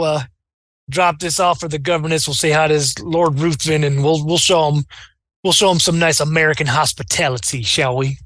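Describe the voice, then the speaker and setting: A man's voice: fairly high pitch, fairly bright tone, no echo. A man running a tabletop role-playing game as game master, narrating scenes with theatrical, descriptive storytelling.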